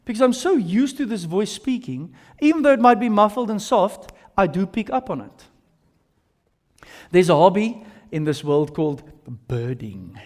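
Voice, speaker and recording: A man preaching a sermon as pastor, telling lively stories with casual slang. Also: high voice, normal speed. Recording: long reverb of a large hall.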